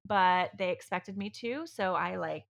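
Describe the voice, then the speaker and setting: A woman's voice: lowish voice, a little slow, gravelly. A woman on a podcast, telling her own story in casual chat, rambling and candid, with many fillers and restarts and some swearing. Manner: swears freely.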